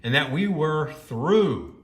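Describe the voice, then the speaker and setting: A man's voice: fairly high pitch, animated, takes it slowly, roomy sound. A man reading a first-person story aloud and breaking off into judgmental, scolding commentary.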